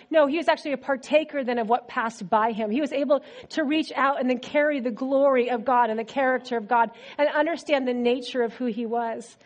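A woman preacher giving a sermon in a conversational, animated storytelling manner. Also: high-pitched.

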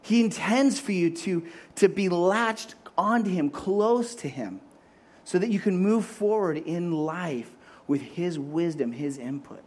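A man preaching a sermon as a pastor, animated and acting out voices as he makes his points. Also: high-pitched, measured pace.

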